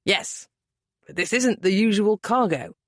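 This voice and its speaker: A woman reading the lines of a spirited young widowed lady, with lively, higher exclamations. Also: measured pace, no room sound, clean studio sound. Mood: curious.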